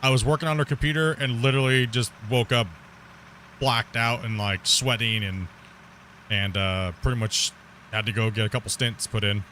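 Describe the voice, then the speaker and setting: A man's voice: medium pitch, steady tone, moderate pace, bright, forceful tone, slight background noise. A man chatting casually while streaming live gameplay, rambling, laughing often and swearing casually.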